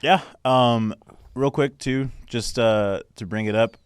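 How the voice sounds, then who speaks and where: A man's voice: mid-range voice, slow pace, smooth, dry recording, studio quality. A man co-hosting a podcast in casual chat, laughing often and acting out other people's lines. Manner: laughs often while telling stories. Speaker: podcast co-host.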